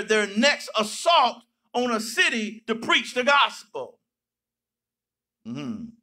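A man pastor preaching a sermon, breaking into sudden shouts and playful asides. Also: sits high.

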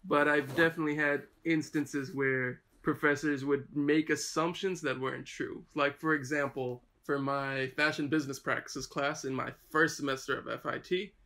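A man's voice: a little high, vocal fry, sharp tone. A male student from New York recounting experiences in a documentary interview, with a conversational style full of fillers. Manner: conversational, uses many fillers.

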